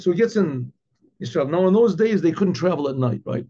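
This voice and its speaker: A man who is a rabbi, telling a story in an animated way and often repeating words. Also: fairly high pitch, brisk, breathy edge. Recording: dull lo-fi recording.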